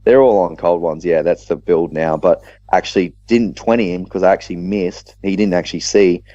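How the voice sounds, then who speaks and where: An Australian man, co-host of a podcast, recounting a tabletop match in casual chat with animated storytelling and quick restarts. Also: deep voice, highs cut off.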